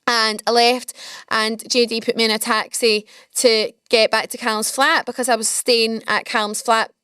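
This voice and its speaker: A young Scottish woman hosting a podcast, rambling through stories in an excitable, chatty way. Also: fairly high pitch, normal speed, clean tone, no room sound, studio quality. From Scotland. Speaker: podcast host. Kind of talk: casual storytelling chat.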